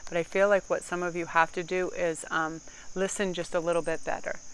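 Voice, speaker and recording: A woman's voice: fairly low pitch, little pitch movement, brisk, slight background noise, low-quality recording. A woman giving a casual tarot card reading, talking in a chatty, rambling, candid way with some casual swearing.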